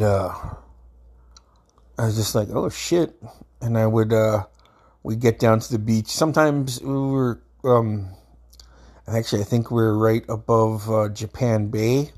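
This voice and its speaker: Fairly low in pitch with a darkish tone, this Alaskan man in his thirties rambles through a casual story. He's laid-back, swears often and uses plenty of fillers.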